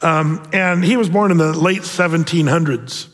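A man preaching a sermon, telling the story in an animated, playful way with voiced asides. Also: on the high side, normal speed, in a large hall. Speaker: pastor.

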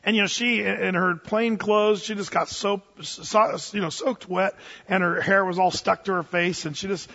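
A man preaching a sermon, telling anecdotes in a lively way and acting out the voices of people in them. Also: sits high. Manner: animated, acts out voices in his stories. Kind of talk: storytelling sermon. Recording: muffled sound with long reverb.

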